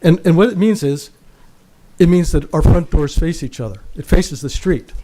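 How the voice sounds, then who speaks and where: Earnest man with a mellow voice. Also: on the high side, lively intonation, moderate pace. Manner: earnest, emphatic, reads from notes. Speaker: public commenter. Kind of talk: prepared public comment at a council meeting. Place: city council chamber.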